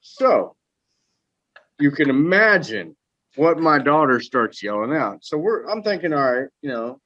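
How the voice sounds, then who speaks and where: Podcast guest, male, lively swearing storyteller, dry lo-fi mic. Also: on the high side, a little slow, no room sound. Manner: profane, animated anecdote telling.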